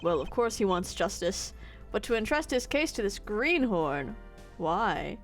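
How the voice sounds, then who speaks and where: A woman voicing a goofy elderly male judge in a lowered, slow voice. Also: sing-song, soft background music. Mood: puzzled. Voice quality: goofy, low.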